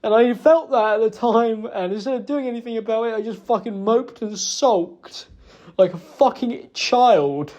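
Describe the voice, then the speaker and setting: A young man giving a halting, self-reproachful personal apology, emotional and close to tears, hesitating with many fillers. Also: high voice, darkish tone. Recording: dull lo-fi recording.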